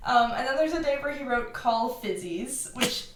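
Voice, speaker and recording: A woman's voice: high-pitched, animated, normal speed, noisy background. A woman co-hosting a casual fan podcast, thinking aloud as she talks through ideas. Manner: musing, thinks aloud with fillers. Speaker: podcast co-host. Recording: echoey room.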